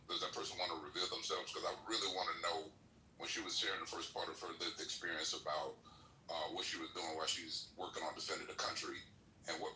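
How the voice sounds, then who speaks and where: Deep-voiced earnest male host. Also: bright, forceful tone, roomy sound, a little hiss or hum, rough recording. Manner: earnest, pointed questions. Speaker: podcast host. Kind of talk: live-stream hosting.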